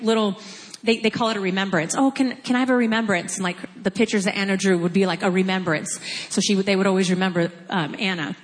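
A woman in her forties telling a personal mission story in an earnest, halting, emotional way. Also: medium pitch, long reverb tail. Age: 40s. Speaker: mission trip speaker. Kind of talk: personal testimony.

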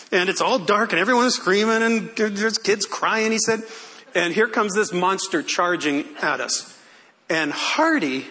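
Older man preaching, high bright voice, slow deliberate delivery, animated storyteller. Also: slight background noise. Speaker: pastor. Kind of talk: sermon.

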